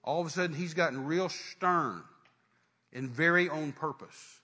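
Bright-voiced preacher. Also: male voice, a little high, unhurried. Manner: dramatic retelling, acts out voices, sudden loud rises. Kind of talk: sermon.

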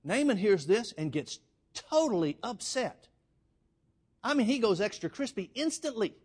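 A man's voice: high voice, very animated, moderate pace, a little mellow, husky. A man preaching a sermon, telling a story with emphatic delivery. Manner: emphatic storytelling, addresses the congregation as folks.

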